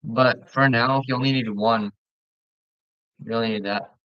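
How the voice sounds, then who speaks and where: A man's voice: mid-range voice, moderate pace, dry recording, dull audio. Casual man chatting over a game. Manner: relaxed, chatty, stumbles and restarts often. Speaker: gamer playing with a friend. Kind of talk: casual gaming chat.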